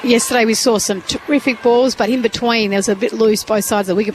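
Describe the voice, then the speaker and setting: A woman's voice: a little high, steady tone, quick pace, hardly any pauses, a little hiss or hum, rough recording. A woman giving thoughtful, analytical cricket commentary from a ground's commentary box.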